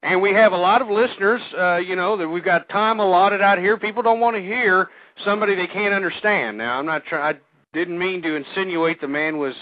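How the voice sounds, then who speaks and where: A male talk radio host with a fairly high voice, ranting angrily and stumbling over repeated words. The sound is dry and thin, like a phone line. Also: a little fast, no echo. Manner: angry, ranting, repeats himself.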